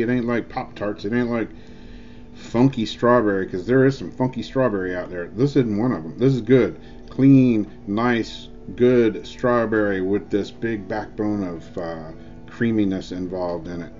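A man's voice: fairly low pitch, a little mellow. A man rambling through a casual, jokey vlog review, full of filler words. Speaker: e-juice reviewer. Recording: dull lo-fi with faint music.

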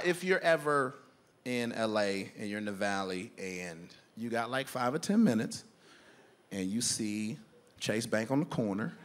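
A man performing stand-up on a club stage, telling a story in an animated way and acting out both sides of an argument. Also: mid-range voice. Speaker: stand-up comedian. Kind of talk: stand-up routine.

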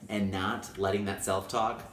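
A man's voice: little pitch movement, a little slow, a bit bright, a little hiss or hum. A young adult male teacher vlogging in an enthusiastic, playful way. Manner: enthusiastic, playful, acts out high-pitched quoted voices. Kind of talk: upbeat casual vlog talk. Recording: echoey room.

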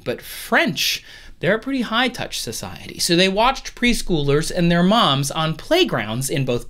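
A man hosting a casual science explainer from home. His pitch swings widely and expressively, and he keeps things playful with joking asides. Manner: playful, animated, jokey asides. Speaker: science video host.

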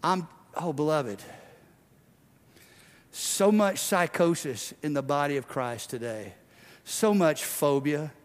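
A male pastor delivers an impassioned sermon, his slightly high voice rising to loud, driving declarations and then dropping to hushed, intimate passages. The sound rings with the long reverb of a church hall. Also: animated, slow pace, pauses often.

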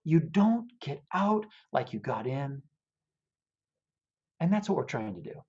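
An animated man telling a story as an interview guest. His voice swoops up and down with plenty of energy, and he talks in an earnest, heartfelt way. The audio sounds dull and lo-fi. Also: medium pitch, measured pace, slightly rough. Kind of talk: casual interview chat, storytelling.

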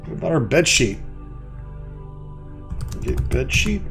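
Guy reading a text game out loud and swearing, kinda high voice, faint music behind. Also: big pitch swings, slow pace, gravelly. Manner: casual, profane, muttering. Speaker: let's play host.

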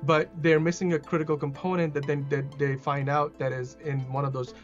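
A man with a slightly raised voice talks through a TV episode on a podcast. He rambles excitedly, piling up fillers and restarts as he goes. The recording sounds dull and lo-fi, with faint music underneath. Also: fairly high pitch, a little fast. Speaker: podcast host reviewing a TV episode. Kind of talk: casual conversational review.

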